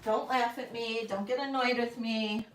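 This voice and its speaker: A woman's voice: on the high side, steady tone, normal speed, a little hiss or hum. A middle-aged woman hosting a live vintage jewelry auction, talking in a chatty, scattered, self-deprecating way to her viewers. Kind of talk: casual live-stream selling chat.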